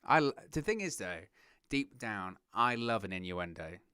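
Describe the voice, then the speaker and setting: Bright, crisp Englishman calling wrestling. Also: lowish voice, moderate pace, no echo, clean studio sound. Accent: southern English. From England. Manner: excitable play-by-play, giggles at puns, reads chat. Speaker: watch-along host. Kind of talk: live wrestling commentary.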